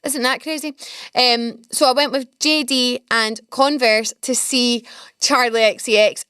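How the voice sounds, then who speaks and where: A young Scottish woman hosting a podcast, rambling through stories in an excitable, chatty way. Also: fairly high pitch, a little slow, clear, resonant tone, no echo, clean studio sound. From Scotland. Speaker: podcast host. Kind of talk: casual storytelling chat.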